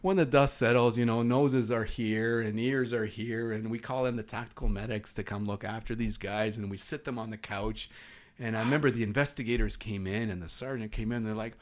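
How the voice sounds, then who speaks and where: A middle-aged man with a Canadian East Coast accent, a podcast guest telling stories from his police career in a lively, halting way full of restarts. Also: fairly low pitch. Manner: animated storyteller with many restarts and laughs. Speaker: podcast guest, former SWAT sergeant. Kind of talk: casual storytelling.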